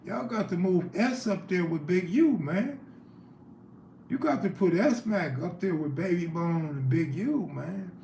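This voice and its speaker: A man hosts a casual livestream, chatting loosely and responding to viewer comments. His voice sits high with lively intonation, an unhurried pace, and a slightly mellow quality. The room is echoey, with faint background noise.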